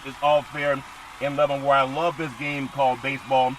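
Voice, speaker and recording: A man's voice: on the high side, fairly even intonation, normal speed, a little hiss or hum, poor audio. A man hosting a solo sports podcast, rambling through baseball news with jokes and repeated catchphrases.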